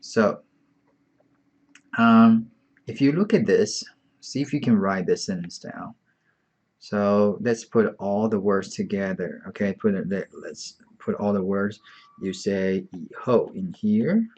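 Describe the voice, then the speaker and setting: In lo-fi sound, a man with a fairly low, slightly mellow voice leads a beginner Chinese lesson online. He's patient and slow, repeating each word several times.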